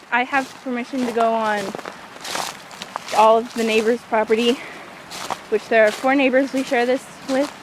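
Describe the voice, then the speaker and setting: Chatty teen girl walking in a windy forest. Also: on the high side. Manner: chatty, self-mocking, jokey asides. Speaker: vlogger. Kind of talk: walking tour vlog. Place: small forest by a creek, outdoors on a windy day. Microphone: handheld iPod camera. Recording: wind noise and a rushing creek.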